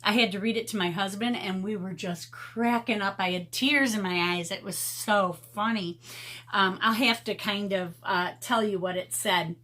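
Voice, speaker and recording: A woman's voice: mid-range voice, moderate pace, pushed and bright. A woman in her fifties chatting casually with viewers in an art vlog, often laughing as she tells stories. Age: 50s. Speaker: art vlogger.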